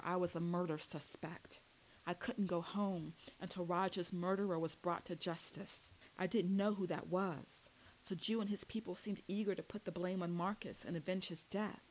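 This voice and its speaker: A woman reading a first-person novel aloud as an audiobook narrator, with steady storytelling delivery. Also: lowish voice, slight background noise, poor audio.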